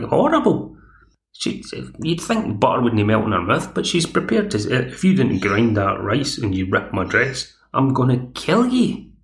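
Gravelly man recapping an episode. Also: medium pitch, fairly bright tone. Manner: chatty, digressive. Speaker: podcast host. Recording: echoey room.

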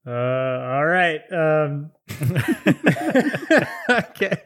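A man's voice: on the high side, very animated, drawn-out words, fairly bright tone. A man narrating as game master in a tabletop game, laughing often.

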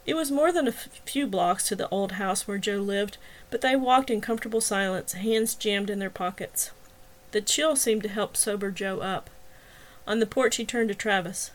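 A woman narrating a novel chapter in a measured, even reading voice. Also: mid-range voice. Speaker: audiobook narrator. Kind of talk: scripted narration.

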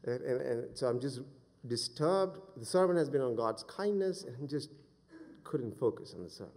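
A man in his forties preaching a sermon as a pastor, moving between loud fervent exhortation and quiet personal storytelling. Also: medium pitch, animated, slow, long pauses. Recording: long hall reverb.

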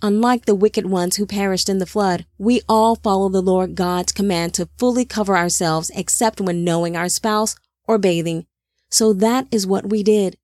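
A woman narrating a scripted biblical-style story in a measured storytelling manner. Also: medium pitch, darkish tone, dry recording, studio quality.

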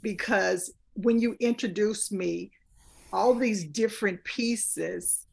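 A woman's voice: mid-range voice, takes it slowly, vocal fry, a little mellow, slightly rough. A woman in her fifties, a guest speaker talking earnestly in a casual interview, repeating phrases for emphasis. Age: 50s. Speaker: guest speaker and life coach.

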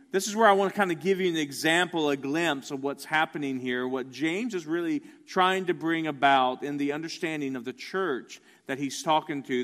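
A man preaching a sermon with a fairly high voice. He builds emphasis and repeats words as he presses each point. His voice rings with the long reverb of a large hall. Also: a bit bright. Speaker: pastor.

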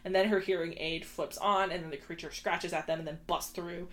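A young woman co-hosting a podcast, recapping a movie in animated casual chat, swearing and laughing often. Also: lowish voice, a little fast. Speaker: podcast co-host.

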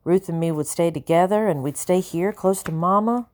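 A woman reading a first-person audiobook in a measured, earnest storytelling manner. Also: on the low side, darkish tone. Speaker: audiobook narrator.

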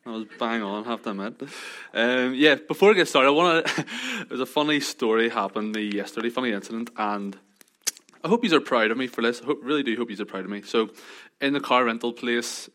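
A man's voice: mid-range voice, animated, a little fast, a bit bright. A man with a Northern Irish accent telling chatty, joking anecdotes to a group in a casual, self-deprecating way. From Northern Ireland. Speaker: speaker addressing a group.

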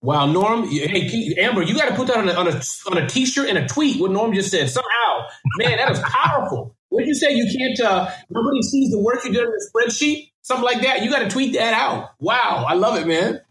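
A man talking fast and energetically as a podcast guest, full of restarts and repeated words. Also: high-pitched, animated, fairly bright tone, reverberant, rough recording. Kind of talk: casual interview answers.

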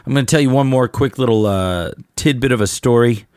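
A man's voice: mid-range voice, brisk, a little mellow, no echo, studio quality. A middle-aged man hosting a show, rambling through stories in a casual monologue and turning blunt and heated as he preaches to fellow musicians. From Southern California. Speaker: podcast host and musician.

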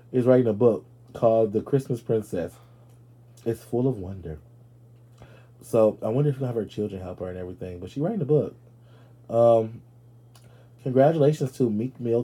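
A man with a husky, breathy edge and a warm, mellow tone hosts a podcast as a loose comedic monologue. He talks straight to his listeners, brash and profane, and now and then shoots up into loud, high-pitched outbursts. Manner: addresses listeners directly. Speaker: podcast host.

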